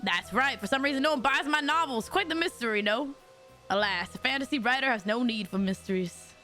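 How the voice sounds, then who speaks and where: A woman's voice: fairly high pitch, lively intonation, fairly quick, sharp tone, faint music behind. A woman voicing a flamboyant, pompous male fantasy writer in a fake Southern drawl, reading game dialogue aloud. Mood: grandiose. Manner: theatrical, grandiose.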